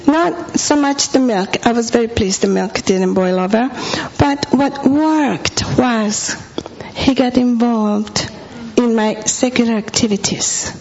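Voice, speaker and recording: This woman's voice sits a little high, slightly mellow and a bit slow, as she tells a sermon story and vividly performs her own past words. The recording is dull and lo-fi, with a faint hum underneath.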